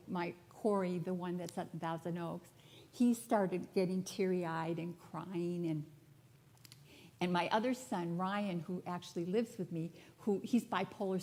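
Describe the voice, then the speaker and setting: Her voice is fairly low in pitch with a darkish tone. A spiritual director, she addresses a congregation in a church sanctuary with a personal sermon, recounting her story in an open, chatty manner and adding bits of humor.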